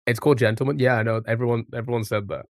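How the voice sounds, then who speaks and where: Male streamer, casual live-stream chat, answers his chat, mid pitch, dry close sound. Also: fairly even intonation, racing, dry recording. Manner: chatty, reacts to chat.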